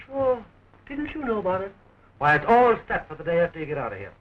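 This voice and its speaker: A man's voice: high-pitched, big pitch swings, quick pace, crowd noise. An actor playing a joking young man who fights to free his sweetheart, in early talkie film style, with a dull, scratchy 1920s film sound.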